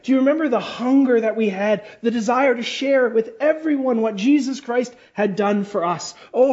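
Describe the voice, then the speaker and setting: Man, preacher, high voice, fervent sermon, loud-to-soft swings, drawn-out words, dull lo-fi recording. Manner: fervent, swinging between loud high exclamations and low quiet passages.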